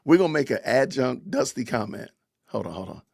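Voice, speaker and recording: A middle-aged man with a drawl hosts a casual livestream, chatting loosely with his viewers and laughing often. His voice is gravelly and a bit husky. The sound is dry and close, with little room around it. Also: mid-range voice, very animated, a little fast, darkish tone, no room sound. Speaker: podcast host. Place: home, family heard in the kitchen.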